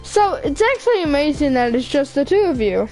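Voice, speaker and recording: A woman reading a visual novel aloud, voicing a shy, bookish teenage girl who talks haltingly and apologetically. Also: high-pitched, very animated, darkish tone, soft background music, low-quality recording. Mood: nervous. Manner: halting, apologetic, stumbles over words.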